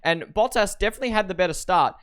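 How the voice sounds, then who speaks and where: A young man hosting a race review, reacting live and swearing often, with sudden shouted outbursts. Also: sits high, fast talker, slight background noise. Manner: excitable, swears often, bursts into shouting at the broadcast. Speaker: host reviewing races.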